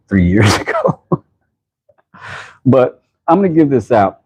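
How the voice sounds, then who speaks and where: An American man hosting a casual livestream, rambling and laughing as he gives shout-outs to viewers from his workshop. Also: mid-range voice. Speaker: channel host. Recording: dull lo-fi sound.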